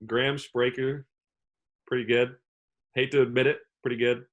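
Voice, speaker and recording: A man in his twenties, a pitcher, answering interview questions in a loose, rambling way full of "like". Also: flat delivery, moderate pace, muffled recording. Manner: rambling, heavy use of "like" as filler. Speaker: relief pitcher, interview guest. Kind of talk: casual interview talk.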